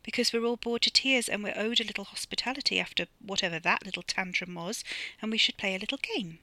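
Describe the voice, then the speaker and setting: A woman's voice: mid-range voice, fast, pushed and bright, no echo. Bunty, a gushing posh flirt, as a woman reads her. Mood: teasing. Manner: gushing and teasing.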